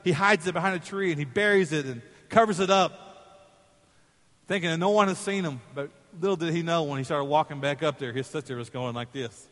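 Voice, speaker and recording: A male pastor preaching a sermon in a church, telling a story in an animated way and acting out its voices. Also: fairly high pitch, a little fast, long reverb tail. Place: church sanctuary.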